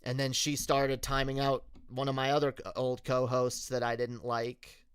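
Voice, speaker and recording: A male streamer telling a story in a candid, halting way, often restarting his sentences. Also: medium pitch, completely flat delivery, clear, resonant tone, dry recording. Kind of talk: casual storytelling rant.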